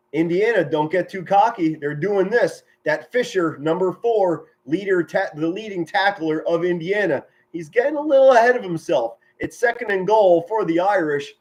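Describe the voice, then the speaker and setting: A middle-aged man giving excited live football play-by-play from home, shouting big plays and chatting warmly with his viewers. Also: sits high. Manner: enthusiastic, yells touchdown calls, chatty and sentimental with viewers. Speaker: amateur play-by-play commentator streaming live.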